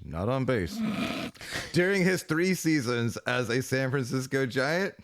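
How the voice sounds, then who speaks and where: A man co-hosting a comedic sports podcast, delivering jokes in a deadpan way. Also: medium pitch. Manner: deadpan, joking. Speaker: podcast co-host.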